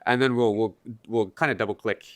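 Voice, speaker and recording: A man's voice: on the low side, fairly even intonation, fairly quick, no room sound. A man hosting a podcast interview, speaking conversationally and asking his guest for plain-language explanations. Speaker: podcast host.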